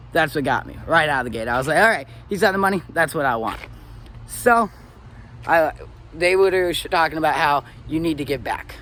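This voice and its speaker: Young guy from arizona, fired-up story time, a bit high-pitched, faint street traffic behind. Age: 20s. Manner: animated and swearing, rising to excited peaks. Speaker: motivational speaker. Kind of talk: personal story monologue.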